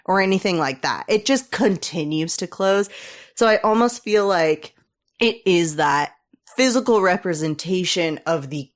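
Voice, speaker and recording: A woman co-hosting a podcast speaks slowly and works through her ideas as she goes. She sounds musing and a little hesitant, with a lively, wide-ranging pitch and a fairly low voice. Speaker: podcast co-host. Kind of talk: casual chat.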